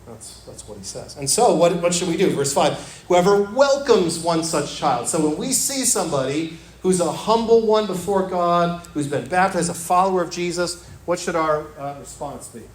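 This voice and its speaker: A man preaching a sermon as pastor in a church. He talks earnestly and repeats his phrases, dropping to a soft, low voice when he quotes scripture. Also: expressive, normal speed. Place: church sanctuary. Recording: echoey church room with faint ambience.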